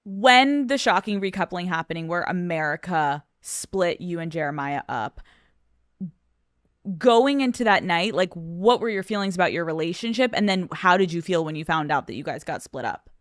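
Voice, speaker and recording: A woman hosts a podcast interview with a slightly low voice. She asks her questions bluntly and casually, swearing now and then. The sound is dry and close-miked. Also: animated, normal speed, no room sound. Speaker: podcast host.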